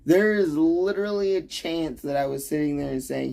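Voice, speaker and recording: A man's voice: a little high, lively intonation, moderate pace, gravelly, few pauses, darkish tone. A young man from the United States ranting sarcastically and profanely at his livestream chat.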